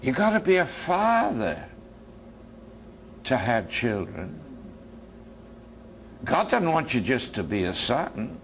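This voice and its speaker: An American man preaching a sermon as a minister, his voice dropping low and soft and then rising again. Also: very animated, slow pace, pauses often, a little hiss or hum.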